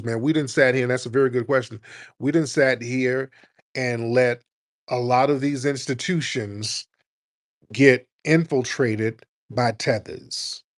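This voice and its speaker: A man hosting a live call-in talk show, speaking in an emphatic, repetitive, preaching way. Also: mid-range voice. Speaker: host.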